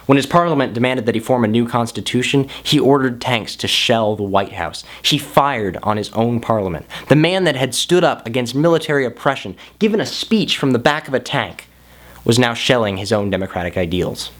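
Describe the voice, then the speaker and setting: A man explaining history to camera in a casual, jokey way, with big swings in pitch for emphasis. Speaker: history vlogger.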